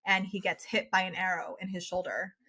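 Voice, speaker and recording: Bright-voiced woman, earnest and chatty. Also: lowish voice, level tone, fairly quick, breathy edge. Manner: earnest, with many "like" and "you know" fillers. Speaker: guest psychologist. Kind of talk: casual interview conversation.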